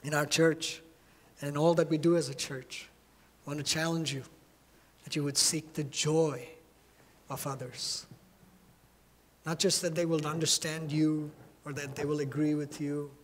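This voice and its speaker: A man preaching a sermon as a pastor, with an impassioned delivery that swings from soft, low phrases to raised lines and repeats words for emphasis. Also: level tone, unhurried, long pauses.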